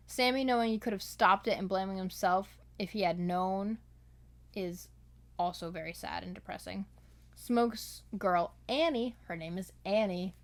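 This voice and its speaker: A woman casually talking through her notes on a film, rambling with lots of fillers and asides. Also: lowish voice. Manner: slips into playful accents when quoting. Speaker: solo vlogger reviewing a film. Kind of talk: casual commentary read from notes.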